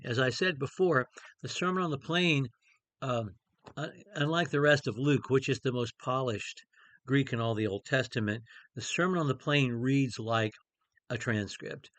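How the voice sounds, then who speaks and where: A man's voice: medium pitch, a bit bright, no echo. A middle-aged man preaching in a conversational way, with many fillers and restarts as he teaches a Bible passage. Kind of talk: informal Bible study talk.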